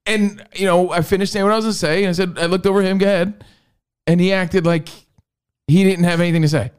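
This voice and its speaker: A man co-hosting a radio show, bantering casually and getting loudly exasperated. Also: fast, clean tone. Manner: excitable, exasperated, voice jumps high when indignant.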